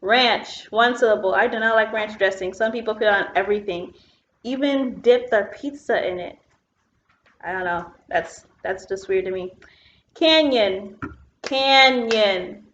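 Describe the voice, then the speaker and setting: A woman's voice: medium pitch, moderate pace, a little hiss or hum. A woman teacher giving an online phonics lesson, explaining patiently step by step with the odd "um" while she writes on a board. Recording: roomy, dull lo-fi classroom sound.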